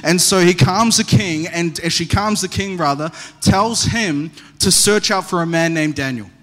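A man preaching a sermon as pastor, animated and storytelling, with humorous asides. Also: high voice, normal speed. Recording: long hall reverb.

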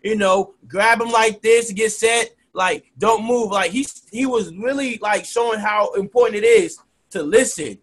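A man's voice: high voice, measured pace. A man who referees youth football and teaches, telling stories casually in an interview and filling his talk with "like" and "you know". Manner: rambling, heavy use of "like" and "you know".

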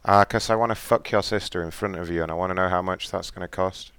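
Man, low smooth voice, deadpan prank caller, laughs often, dry close sound. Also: fast talker, no room sound. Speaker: podcast host making prank calls. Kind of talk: casual prank-call banter.

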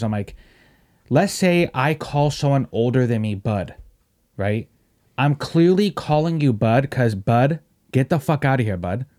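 A young man hosts a casual podcast and tells stories loosely, cursing freely and laughing as he goes. His voice sits at an ordinary middle pitch. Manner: animated, profane storytelling with laughs. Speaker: podcast host.

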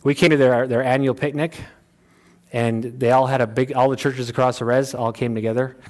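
Man, pastor, sermon, plain-spoken, folksy, loud high bursts, quiet low asides, mid-pitched voice. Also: flat delivery, a little fast.

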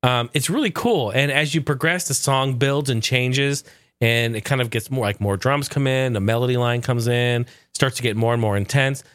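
A man's voice: medium pitch, moderate pace, a bit bright, smooth, no room sound, studio quality. A man hosting a podcast in casual chat, rambling loosely, swearing freely and chuckling often. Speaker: podcast host.

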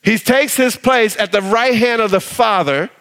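High-voiced animated preaching pastor. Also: male voice, normal speed, big-room sound. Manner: animated preaching, acts out quotes in different voices; drops to a low soft voice when reading scripture. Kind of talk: sermon.

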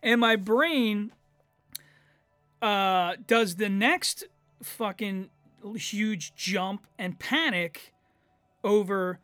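Man, podcast host, rambling profane storytelling, bright forceful tone, dry sound. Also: high voice, extremely slow, pauses often, smooth, dry recording, faint music behind. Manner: rambling, profane, lots of fillers. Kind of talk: casual solo storytelling.

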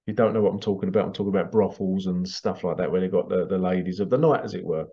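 A man with a gravelly, fry-edged voice shares anecdotes from his work in a relaxed, chatty way. He laughs often and puts on his clients' voices as he quotes them. The recording sounds dull and lo-fi. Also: low voice, fast talker. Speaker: past life regression practitioner. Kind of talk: casual anecdotal storytelling.

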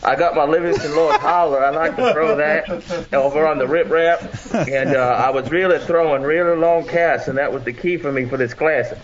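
A man's voice: on the high side, natural voice. A man doing a stiff, rambling fishing champ. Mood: deadpan. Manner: halting, rambling, deadpan. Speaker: caller impersonating a bass fishing pro. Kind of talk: comedic impression call-in. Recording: dull lo-fi audio with crowd noise.

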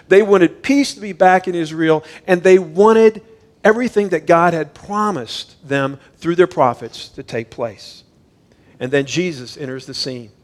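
Higher-voiced male pastor preaching. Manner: conversational, explanatory preaching; reads scripture aloud. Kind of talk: sermon.

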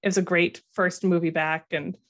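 A woman's voice: on the low side, level tone, normal speed, fairly bright tone. A woman host chatting with a guest, enthusiastic and talkative. Her speech is full of casual fillers as she shares her opinions. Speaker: podcast host. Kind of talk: casual interview chat.

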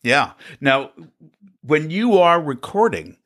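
A man's voice: fairly high pitch, sing-song, takes it slowly, fairly bright tone. Curious male interviewer. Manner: curious, asks follow-up questions. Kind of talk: asking interview questions.

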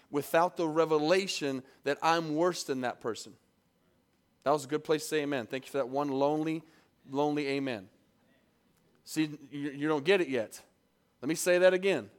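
A man preaching a sermon in church, reading scripture and calling out to the congregation, swinging from emphatic peaks to quiet asides. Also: on the high side. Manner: preaching with call-and-response, rising to emphatic peaks and dropping to soft asides. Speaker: pastor. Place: church service.

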